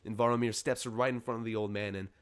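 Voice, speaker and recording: Game master, man, low voice, loose halting narration. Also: fairly even intonation.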